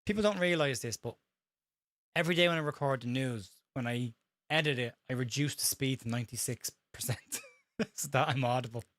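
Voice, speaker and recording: An Irish man hosting a live watch-along, calling the match fast and tripping over players' names while reading out viewer comments. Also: medium pitch, a bit bright, no room sound. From Ireland. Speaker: host.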